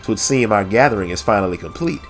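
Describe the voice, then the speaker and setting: A man with a nasal voice voicing a cool, dry-witted young woman mage who speaks in a stony, old-fashioned way, raising his pitch somewhat. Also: expressive, fast talker, soft background music. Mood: aloof. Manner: stony, archaic, dryly sarcastic.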